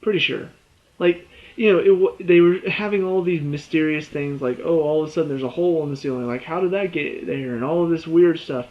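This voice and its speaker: Excitable rambling young-sounding man. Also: on the high side, brisk, highs cut off. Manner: excitable, rambling, laughs often, restarts words. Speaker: TV episode reviewer. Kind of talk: excited casual review.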